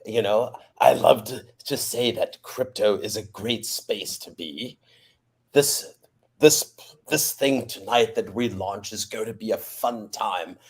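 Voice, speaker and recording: A man's voice: lowish voice, slow pace, breathy edge, rough recording. A man in casual chat, laid-back and making goofy jokes.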